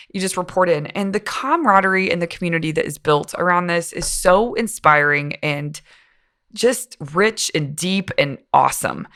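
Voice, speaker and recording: Low-voiced woman hosting a podcast. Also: a bit bright. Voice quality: slightly rough morning voice. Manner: upbeat, encouraging, coaching tone. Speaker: podcast host. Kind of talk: casual solo podcast talk. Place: home, early morning.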